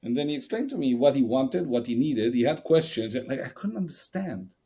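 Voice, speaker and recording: Mellow-voiced male interview host. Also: mid-range voice, very animated, fairly quick. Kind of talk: conversational interview.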